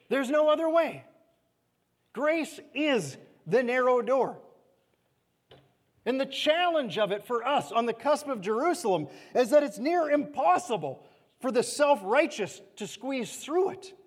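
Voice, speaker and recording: A man with a high, light voice delivers an earnest sermon in a church sanctuary. He pleads with his listeners and swings from loud emphasis to hushed, quiet lines. His voice rings out with a long reverb through the hall. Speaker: preacher.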